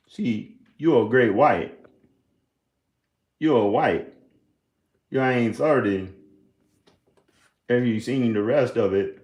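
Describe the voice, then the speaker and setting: A man's voice: mid-range voice, a little mellow. A man talking to his camera in a loose, rambling monologue, drifting between thoughts and often breaking into giggles. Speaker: video maker. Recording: echoey room.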